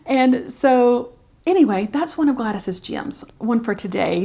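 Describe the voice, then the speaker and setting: A woman's voice: on the high side, animated, a little slow, gravelly. A middle-aged woman, talking candidly to camera as a caregiver vlogger, chatty and heartfelt with many fillers. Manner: chatty and heartfelt, with frequent fillers and soft laughs. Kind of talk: candid personal vlog talk.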